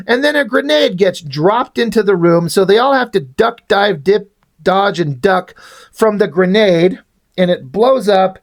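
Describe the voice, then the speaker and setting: A man with a notably high voice talks through a comic book on camera. He rambles casually, swears freely and trips over his own restarts. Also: expressive, normal speed.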